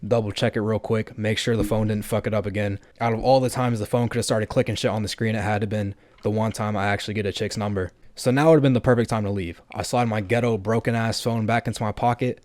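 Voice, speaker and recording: A brash young man in his twenties tells a story in a profane, rapid-fire rush. His voice sits a little low. The sound is dry and close to the mic. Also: steady tone, darkish tone, no echo. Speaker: vlogger. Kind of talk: storytelling vlog.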